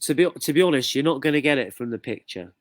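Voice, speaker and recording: A man's voice: mid-range voice, lively intonation, fast talker, no room sound. Chatty man hosting a quiz. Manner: chatty, reads out viewer comments, jokey. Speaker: quiz host. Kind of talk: casual live quiz chat.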